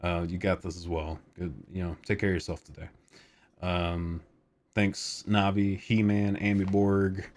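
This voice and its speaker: Low voiced guy in his 30s rambling on a live stream, laid back, swears a lot. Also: flat delivery, a little slow, darkish tone. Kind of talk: casual live stream chat.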